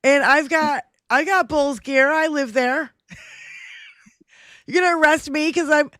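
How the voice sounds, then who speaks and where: A woman's voice: high-pitched, takes it slowly, fairly bright tone, dry recording, clean studio sound. A woman hosting a casual political livestream, ranting emphatically and swearing freely. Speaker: livestream show host.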